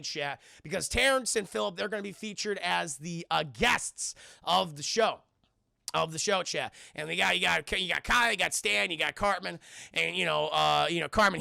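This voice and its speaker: A young man in a casual live-stream, recapping a film scene by scene for his chat, excitable and swearing a lot, often breaking into loud quoted lines. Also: sits high, gravelly, dry recording, clean studio sound.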